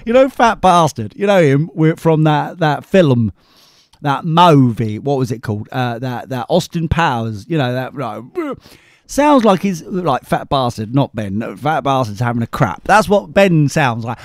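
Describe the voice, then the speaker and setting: A man's voice: mid-range voice, big pitch swings, measured pace, no echo, clean studio sound. A tired man, hosting a live podcast in a rambling, scatterbrained, self-mocking way. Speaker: podcast host. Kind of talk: rambling live-show chat.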